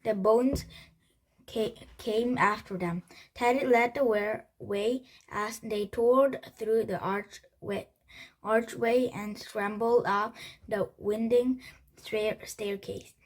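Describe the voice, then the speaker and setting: A woman reading a children's chapter book aloud, halting with frequent restarts and slips. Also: on the high side, fairly even intonation, poor audio. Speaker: storybook reader.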